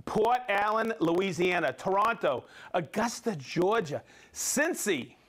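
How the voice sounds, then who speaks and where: Middle-aged male live-stream host, high-pitched, cheerful, rattles off viewer names and places. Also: expressive, slow, fairly bright tone. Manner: upbeat, reads off viewer names and places, stumbles over hard names. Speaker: livestream host.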